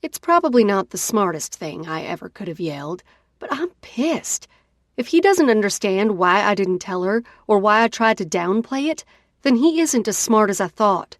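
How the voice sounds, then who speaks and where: A woman narrating a first-person romance audiobook in an expressive, dramatic way. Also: medium pitch, normal speed, dry recording, clean studio sound.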